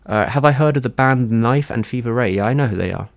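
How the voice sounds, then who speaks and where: A man's voice: mid-range voice, fast talker, vocal fry. A man chatting casually on a livestream, answering his chat in a rambling, hesitant way with many fillers and restarts.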